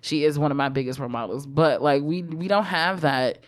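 A woman with a deep, low voice co-hosting a podcast. Her talk is lively and casual, with frequent laughter and quick restarts. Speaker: podcast co-host. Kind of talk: casual chat.

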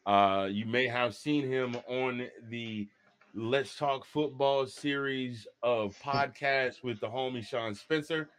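A man hosting a podcast in a casual chat, jokey and animated, often laughing. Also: medium pitch, takes it slowly. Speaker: podcast host.

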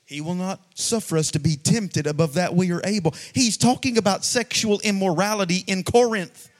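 A man preaching a sermon to a congregation, building to shouted, sing-song peaks and dropping to quiet asides. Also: high voice, normal speed, hardly any pauses. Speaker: pastor. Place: church sanctuary before a congregation.

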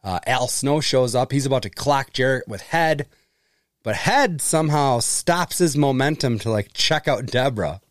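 A man's voice: mid-range voice, expressive, normal speed, no room sound, clean studio sound. A man co-hosting a podcast, recapping in casual chat, laughing often and swearing casually. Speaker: podcast co-host.

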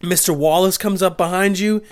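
A man's voice: sits high, steady tone, normal speed. A young man telling a rambling, crude comic story, slipping into voices for the people in it. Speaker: comedic storyteller. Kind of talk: profane comedic monologue.

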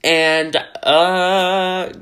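A man's voice: high-pitched, flat delivery, drawn-out words, fairly bright tone, clear, resonant tone. A man from the American South hosting a casual podcast, laid-back and self-deprecating as he jokes with his co-host. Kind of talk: casual chat.

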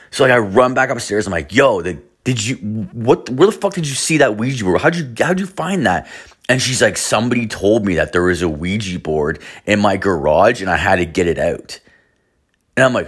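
A young man from Canada telling a wild personal story casually, swearing constantly, rambling with many fillers and acting out the lines of the people in it. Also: deep voice.

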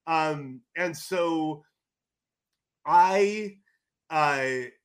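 A middle-aged man from California, a sports journalist and guest, telling loud, rambling stories in casual podcast chat. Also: on the high side, drawn-out words, smooth. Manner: animated storyteller, loud, rambling with restarts.

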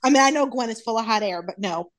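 A woman's voice: a little high, fast talker, fairly bright tone, a little hiss or hum. A woman co-hosting a casual group chat, wry and matter-of-fact. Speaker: podcast co-host.

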